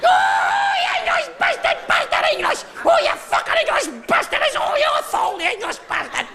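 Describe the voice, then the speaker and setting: A shrill yappy little Scotsman. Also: huge pitch swings, normal speed, a loud crowd, very noisy, heavily acted. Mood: yappy rage. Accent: Scottish. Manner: shrill yapping shouts. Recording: live comedy show with audience.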